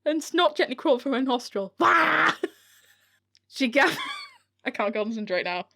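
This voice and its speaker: A woman's voice: high voice, animated, a little slow, gravelly, long pauses, pushed and bright. A British woman reading her own novel aloud, often breaking into giggles and swearing at her slips. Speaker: author narrating her own audiobook. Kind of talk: audiobook reading with bloopers. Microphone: home recording mic.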